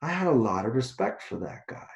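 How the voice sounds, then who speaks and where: A man's voice: mid-range voice, a little fast, vocal fry. Blunt, profane man in an echoey room. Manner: blunt, profane, animated ranting. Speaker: co-host, Taoist teacher. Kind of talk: casual discussion. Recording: echoey room, dull lo-fi sound.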